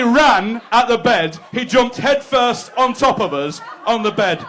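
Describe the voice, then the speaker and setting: A man's voice: very high-pitched, expressive, unhurried, hardly any pauses, a bit bright, a little hiss or hum. A man doing a crude, conversational stand-up set, teasing the crowd. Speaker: stand-up comedian. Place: comedy club stage.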